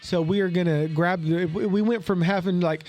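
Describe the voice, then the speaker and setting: A man's voice: sits high, steady tone, moderate pace, darkish tone. A man with an Oklahoma accent, co-hosting a podcast in casual, folksy chat and telling stories eagerly. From Tulsa, Oklahoma. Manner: chatty storyteller, eager and folksy. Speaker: podcast co-host.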